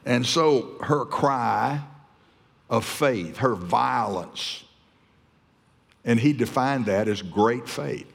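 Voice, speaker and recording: A man's voice: mid-range voice, extremely slow, creaky, long pauses. A man preaching a fervent, emphatic sermon, often restarting his phrases. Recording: long hall reverb.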